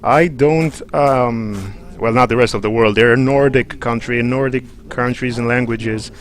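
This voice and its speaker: A man's voice: mid-range voice, normal speed. A man hosting a livestream, chatting and joking in a rambling way while he plays a game. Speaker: livestream host. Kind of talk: let's play commentary.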